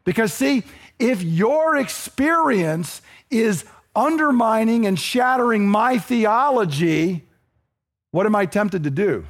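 A man's voice: high voice, expressive, slow. A middle-aged man preaching a sermon as pastor, earnest and building to emphatic intensity.

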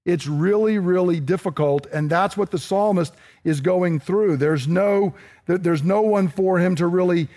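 Middle-aged pastor guy preaching, pretty high voice for a man, earnest, gets emphatic. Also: a little slow, mellow. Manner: earnest, building to emphatic intensity. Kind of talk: sermon.

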